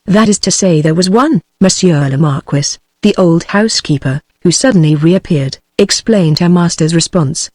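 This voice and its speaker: A text-to-speech woman's voice with a British accent, reading a novel aloud in a steady, machine-even audiobook narration. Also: fairly low pitch, normal speed, hardly any pauses, no echo. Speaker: audiobook reader.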